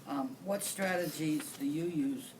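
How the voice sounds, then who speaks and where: A man's voice: a little high, unhurried. A man moderating a discussion panel, asking questions briefly. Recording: distant mic with clear room noise.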